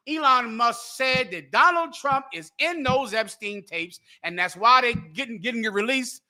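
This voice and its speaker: A man's voice: high-pitched, sharp tone. A man co-hosting an online show, giving heated, emphatic political commentary over a remote call. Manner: emphatic, indignant, rhetorical. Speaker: show co-host.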